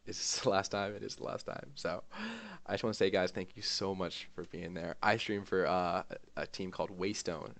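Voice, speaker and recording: A man streamer giving an emotional, rambling farewell to his gaming community, with lots of fillers and pauses. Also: deep voice, fairly even intonation, a bit bright. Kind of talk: heartfelt farewell vlog.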